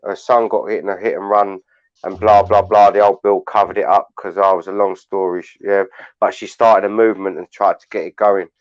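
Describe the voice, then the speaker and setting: A man's voice: low voice, little pitch movement, a little fast. A man hosting a live panel chat, rambling bluntly and swearing. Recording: dull lo-fi online audio.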